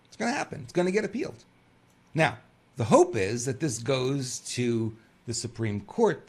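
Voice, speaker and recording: Gravelly rambling middle-aged male host. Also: fairly high pitch, a little mellow. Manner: rambling and conversational, many fillers. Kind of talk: political commentary monologue.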